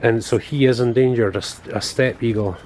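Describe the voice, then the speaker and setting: A man's voice: mid-range voice, fairly quick, a little mellow. A man filming outdoors at a bird of prey centre, cooing fondly at the birds and asking them little questions. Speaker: family vlogger filming. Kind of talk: casual vlog commentary.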